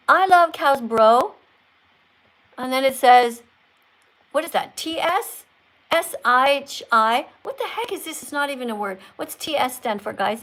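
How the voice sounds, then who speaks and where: A woman in her sixties hosts a livestream, chatting casually as she teases callers and reads viewer comments aloud. Her voice sits high, with a fairly bright tone.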